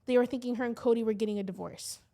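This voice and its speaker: A woman's voice: on the high side, fairly even intonation, racing, mellow. A woman with a Midwestern American accent co-hosting a podcast, telling gossip in a rambling, swear-heavy way. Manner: swears freely, rambling storytelling with lots of fillers. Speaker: podcast co-host. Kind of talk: casual chat.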